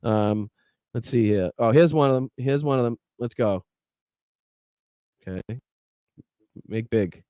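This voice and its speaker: A man's voice: mid-range voice, takes it slowly, long pauses, warm tone, smooth, no echo. A man with a Boston accent hosting a political podcast live, talking bluntly and with fired-up profanity. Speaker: podcast host. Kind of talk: live-stream political commentary.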